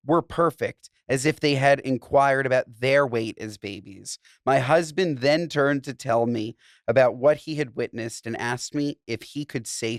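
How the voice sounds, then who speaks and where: A man co-hosting a podcast in casual chat, animated and crude, laughing often and reading a listener letter aloud. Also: mid-range voice, no room sound, studio quality. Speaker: podcast co-host.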